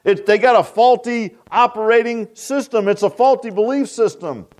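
A man's voice: very high-pitched, normal speed. A middle-aged man preaching a sermon, emphatic and folksy, with many fillers. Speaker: pastor.

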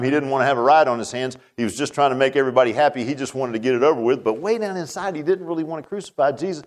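A man preaching a sermon in a folksy way, building to loud exhortations and dropping to hushed, low tones. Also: rapid-fire, few pauses.

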